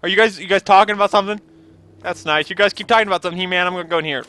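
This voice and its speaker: A man's voice: high voice, rapid-fire, pushed and bright, clean tone. A man rambling sarcastically and joking while commenting on his gameplay. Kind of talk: let's play commentary.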